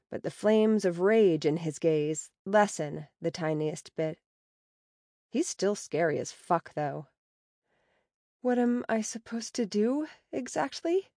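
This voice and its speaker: A woman narrating a story in the first person, with a wry, sarcastic and expressive delivery. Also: sits low, no room sound, studio quality. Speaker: audiobook narrator.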